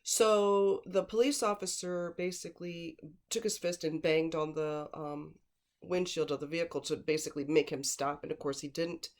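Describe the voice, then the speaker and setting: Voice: medium pitch, steady tone, moderate pace. A true-crime commentator talking casually and bluntly, stressing points by repeating words, wandering off into asides. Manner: rambling, with digressions and fillers; blunt and scornful.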